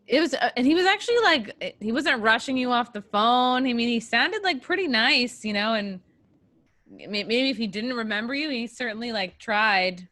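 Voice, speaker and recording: A woman's voice: on the high side, lively intonation, normal speed, pushed and bright. A woman hosting a podcast, reacting briefly and casually to her guest's story. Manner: brief reactions, light laughter. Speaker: podcast host. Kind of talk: casual chat.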